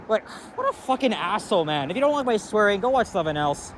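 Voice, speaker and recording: Man, high voice, swearing rant, outdoor street walk, faint traffic. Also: big pitch swings, fast, few pauses, a bit bright. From Canada. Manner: angry, profane, rambling rant. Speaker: walking vlogger. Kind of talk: casual ranting walk-and-talk.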